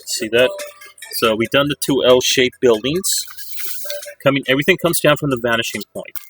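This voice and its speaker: Man, art teacher, bright tone, chatty steps, faint music behind. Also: mid-range voice, normal speed, rough recording. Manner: chatty step-by-step instructions. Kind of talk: casual drawing lesson to students.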